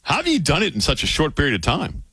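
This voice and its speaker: A man's voice: fairly high pitch, wildly swooping pitch, fast talker, a bit bright, slightly rough, no echo. A man hosting a sports radio show, interviewing a guest in a friendly, chatty way.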